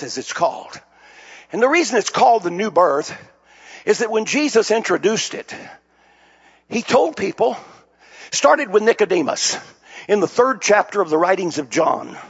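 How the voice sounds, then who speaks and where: An older man preaching a sermon as pastor, telling stories and building to shouted climaxes. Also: high-pitched, very animated, normal speed, pauses often, breathy edge. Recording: dull lo-fi sound.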